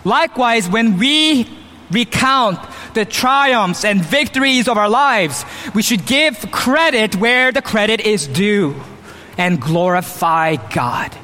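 A pastor preaches in a church, his voice animated, slow, pushed and bright, with slight background noise and the long reverb of the church hall. He's emphatic, sometimes acting out quoted boasts by raising his pitch to mimic boastful speech.

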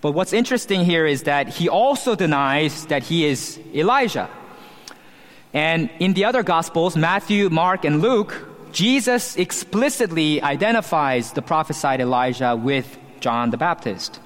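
A man's voice: fairly high pitch, expressive, unhurried, a bit bright. Man preaching in a reverberant hall. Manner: expository teaching, emphatic verse-by-verse explanation. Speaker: pastor. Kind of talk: sermon.

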